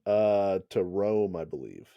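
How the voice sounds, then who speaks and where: A man's voice: low-pitched, very animated, slow pace, vocal fry, no room sound, muffled recording. A man co-hosting a podcast in casual chat, rambling and laughing often. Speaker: podcast co-host.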